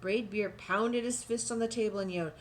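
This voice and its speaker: A woman with a mid-pitched voice reads a children's picture book aloud, pausing for gentle explaining asides aimed at young listeners. Faint noise sits under the recording. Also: fairly even intonation. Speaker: storybook reader.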